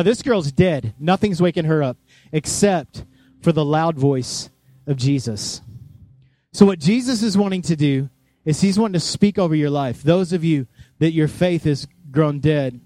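A man preaching a sermon in a church, animated, acting out voices and sounds as he tells the story. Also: fairly high pitch, dry recording. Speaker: pastor.

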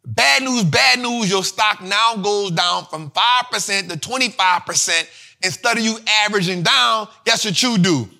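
Man, investing host, high-pitched, very bright forceful tone, slangy, repeats himself. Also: moderate pace, creaky. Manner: slangy, repetitive, animated explaining. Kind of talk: casual finance teaching.

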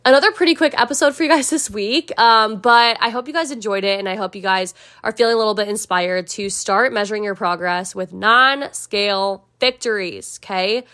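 A young woman hosts a casual solo podcast in a chatty, upbeat way, speaking straight to her listeners as a personal trainer would. Her voice sits at an ordinary middle pitch for a woman. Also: a little fast, few pauses, pushed and bright. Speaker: podcast host.

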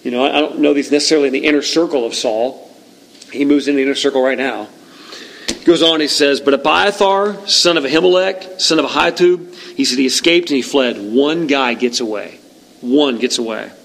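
A man preaching a sermon, reading scripture and retelling it with lively, acted-out lines. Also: mid-range voice, a little fast, rough recording. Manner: animated storytelling, reads scripture aloud, acts out shouts. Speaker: pastor.

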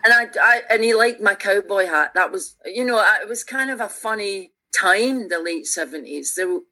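A Scottish woman of about sixty with a Glaswegian accent appears on a radio show as a musician guest, sharing reflective stories in conversation. She speaks earnestly, animatedly and with feeling, often restarting her sentences. Her voice is mid-range and her pace moderate.

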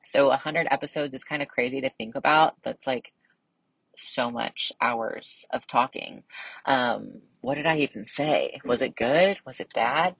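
A young woman hosting her own podcast, chatting casually and bubbly with lots of fillers, enunciating crisply. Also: low-pitched, a bit bright, no echo, poor audio. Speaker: podcast host. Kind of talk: casual solo podcast chat.

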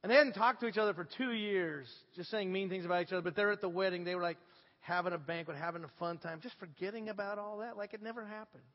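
A middle-aged pastor with a bright, high-pitched voice delivers a storytelling sermon, dropping low and quiet, then climbing loud. The sound is slightly dull, carried in a long church reverb. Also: male voice, fast. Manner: animated storytelling, swinging from hushed to shouting. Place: church sanctuary.

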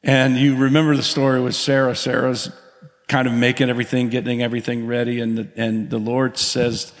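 A man preaching a sermon in a church, animated, calling out to the congregation as he tells a story. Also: medium pitch, brisk. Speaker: pastor. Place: church sanctuary. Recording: long hall reverb.

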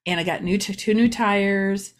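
A woman's voice: mid-range voice, steady tone, normal speed. Ohio woman chatting about local stuff on her vlog, wanders off on tangents, easygoing. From Ohio, USA. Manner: chatty and rambling, with many asides and laughs. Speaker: local community vlogger. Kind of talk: casual chat about local news.

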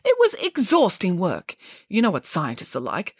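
A flamboyant pig nanny, put on by a woman reading a storybook aloud, brushing everything off in a breezy, matter-of-fact way. Her pitch swings widely as she talks. The sound is close and dry. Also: wildly swooping pitch, moderate pace, a little mellow, breathy edge, dry recording, full character voice. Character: flamboyant, self-assured female pig nanny.

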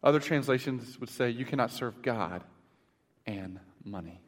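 A man in his thirties preaching a sermon in church, telling family stories with big swings between loud and hushed. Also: medium pitch, animated, moderate pace. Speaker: pastor. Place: church sanctuary. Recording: long hall reverb.

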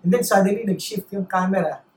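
Filipino preacher, roomy echo. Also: male voice, sits high, darkish tone. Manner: switches between Tagalog and English, measured with deliberate pauses. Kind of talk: sermon. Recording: roomy echo, faint noise.

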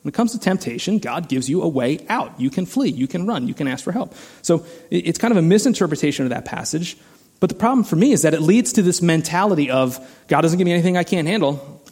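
A man's voice: a little high, big pitch swings, fast, darkish tone, husky. A man preaching a sermon as a pastor, earnest and conversational, often saying "like" and repeating words as he goes.

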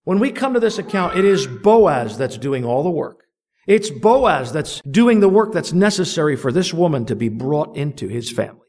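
A man delivering a sermon in a fairly high voice. He reads old-style scripture at a measured pace, then explains it with growing fervor. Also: sing-song, a little mellow. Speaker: preacher. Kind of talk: sermon reading and expounding scripture.

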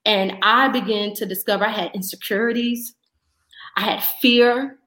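Animated woman telling a faith story, echoey room. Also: mid-range voice, normal speed. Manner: animated storyteller, acts out her own dialogue. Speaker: podcast guest. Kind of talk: faith testimony in conversation.

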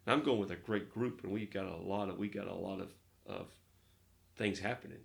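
Gravelly-voiced pastor telling stories. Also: male voice, sits low, brisk. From Arkansas, United States. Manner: lively storyteller who acts out dialogue. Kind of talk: casual interview storytelling.

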